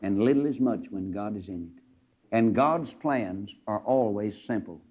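Man, preacher, fiery sermon, swoops high and low, dull old tape sound. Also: lively intonation, measured pace, breathy edge. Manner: fiery, acts out Bible characters. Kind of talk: old-time radio sermon.

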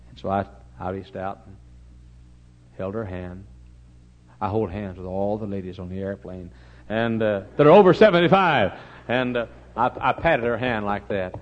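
A middle-aged man with a Texan accent, preaching a folksy, humorous storytelling sermon that swings from loud to hushed. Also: on the low side, steady tone, normal speed, muffled recording.

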